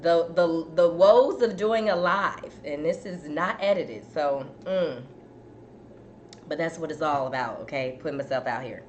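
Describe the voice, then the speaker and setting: Host, female, relaxed and chatty with her audience, lower register, battling a dry cough; faint background noise. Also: a little slow. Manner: chatty, addresses viewers as "y'all". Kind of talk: casual live-stream chat.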